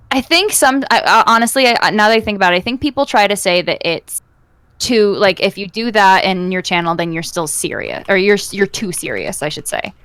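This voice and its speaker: A woman co-hosting a casual stream chat, talking in a relaxed, rambling way. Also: mid-range voice, dry recording.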